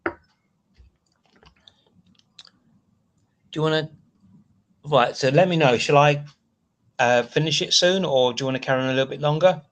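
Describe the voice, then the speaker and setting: A man's voice: a little high, a little fast, long pauses, muffled recording. A man with a British accent hosting a casual live stream, rambling and chatting as he answers viewer comments between asides.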